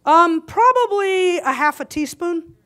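Her very high-pitched voice is expressive and a bit bright, with a measured pace. She cooks live before a conference audience on the kitchen stage, chatty and joking, and somewhat winded.

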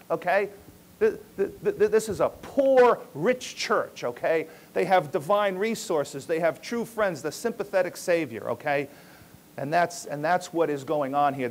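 Man, pastor, teaching sermon, emphatic, fairly high-pitched, church. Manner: emphatic, often checks in with "okay?". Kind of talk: expository sermon.

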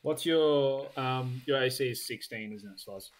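Relaxed man running a tabletop game. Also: mid-range voice, measured pace. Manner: relaxed, hesitant with many ums. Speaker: dungeon master. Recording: faint background noise with clicks.

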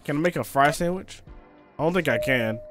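A young man with an excitable, slangy manner, commentating a let's play of a game and yelping when he gets scared. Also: a little high, fairly quick, faint music behind. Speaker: gaming streamer.

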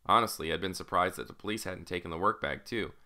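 A male audiobook narrator telling the story in a casual, wry first-person voice. His voice is very low with a gravelly texture. The tone stays bright and forward. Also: quick pace.

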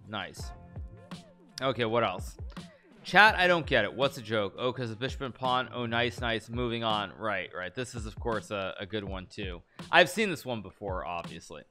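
A man gives casual live-stream commentary. His voice is bright and his pitch moves a lot. He keeps cutting himself off and laughing, and faint music plays behind him. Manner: chatty, self-interrupting, laughs often, reads lines aloud in a mock-romantic tone. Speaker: streamer reacting to chess memes.

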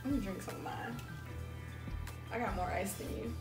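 A woman's voice: medium pitch, normal speed. A woman hosting a casual mukbang vlog, chatting with the viewers and calling them y'all. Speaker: vlog host. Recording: echoey room with music.

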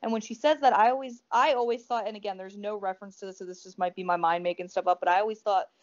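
On dull, lo-fi podcast audio, this woman co-hosts a casual review chat about a horror movie, talking fast in a steady, mid-range voice. She rambles with enthusiasm, stumbling through fillers and restarts.

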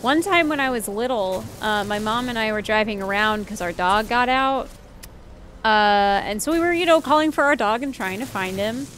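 A woman's voice: on the high side, lively intonation, moderate pace, fairly bright tone, a little hiss or hum. A young woman streamer chatting casually while playing, rambling through stories with lots of fillers. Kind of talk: casual gameplay chat.

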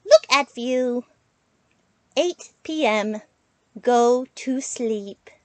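A woman reading a children's picture book aloud in a slow, expressive storytelling voice. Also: no room sound. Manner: slow, expressive read-aloud with big pitch swings.

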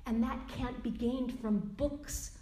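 A middle-aged woman gives an earnest lecture in a yoga studio, stretching out the words she wants to land. Her voice is mellow and soft-edged. The room around her is echoey. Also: on the high side, fairly even intonation. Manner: earnest, emphatic, stretches key words slowly. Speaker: yoga teacher giving a lecture. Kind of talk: spoken lecture quoting a teacher.

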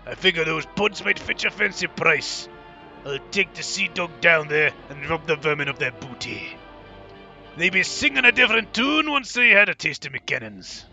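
A man voicing a boastful, gruff male pirate captain of a submarine, talking in a theatrical, blustering way. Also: sits high, very animated, normal speed, pitched above the performer's own voice, full character voice. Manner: blustering, theatrical, shouting threats. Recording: slightly dull lo-fi with faint game music.

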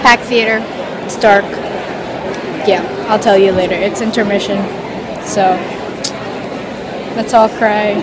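A woman's voice: mid-range voice, fairly even intonation, slow, pauses often, a crowd in the background, background noise. A woman vlogging a casual video diary from a theater, gushing and fangirling. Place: Broadway theater at intermission.

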